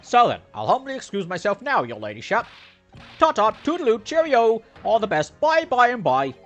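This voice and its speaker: A game player voicing a flustered, fawning police inspector who talks in a high, excitable squawk and gushes over-polite farewells. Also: fast talker, dull audio, soft background music.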